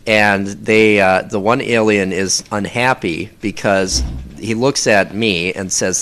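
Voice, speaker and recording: A man with a fairly low voice chats in a relaxed interview. He talks haltingly, circling back and restarting his thoughts as he describes his own recordings. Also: a little hiss or hum. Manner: rambling, halting, many fillers and restarts. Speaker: audio performer interviewed about his work. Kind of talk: casual interview talk.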